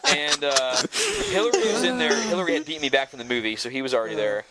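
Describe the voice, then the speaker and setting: A young man, a podcast host, telling a story in casual chat and getting animated as it goes. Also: medium pitch, fast, a loud crowd. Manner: animated, rising to shouts when retelling.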